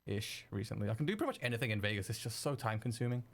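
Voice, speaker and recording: A young man streaming while he edits video, chatting casually with viewers, excitable and swearing freely. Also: on the low side, very fast, gravelly. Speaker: streamer editing video live. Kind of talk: casual live-stream chat.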